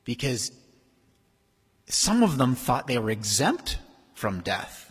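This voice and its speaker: A man preaching a sermon as pastor, in a conversational, animated way. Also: mid-range voice, slow, slightly rough. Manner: conversational, animated, acts out quoted voices. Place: church sanctuary. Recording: long hall reverb.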